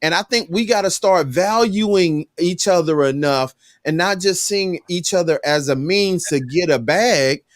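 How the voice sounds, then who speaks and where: Emphatic high-voiced man. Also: unhurried, few pauses, no echo, clean studio sound. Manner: emphatic storyteller, preachy. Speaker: podcast co-host. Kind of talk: casual chat.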